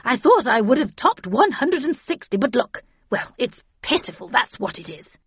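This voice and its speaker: A woman's voice: fairly high pitch, sing-song, moderate pace, husky, no room sound, pitched above the performer's own voice, full character voice. A woman voicing an irascible old spinster who speaks curtly and dismissively. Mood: brusque. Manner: curt, sharp, dismissive. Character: irascible old car-mad spinster, brusque. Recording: dull dry lo-fi audio.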